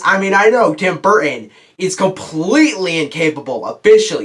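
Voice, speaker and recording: A young man with a somewhat high voice gives a casual review. He rambles bluntly and sounds frustrated, with restarts along the way. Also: a bit bright. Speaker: movie reviewer.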